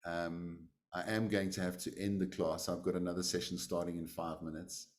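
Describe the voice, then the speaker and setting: A man's voice: low-pitched, level tone, moderate pace. A man teaching a class, telling a story in a conversational way with many fillers. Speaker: meditation teacher. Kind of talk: storytelling in a lesson.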